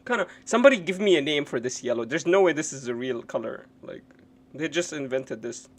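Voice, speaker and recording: A man live-streaming a reaction to videos, cursing and mocking what he watches, going from low mutters to loud outbursts. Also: expressive, fairly quick. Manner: profane, mocking, swings between muttering and yelling.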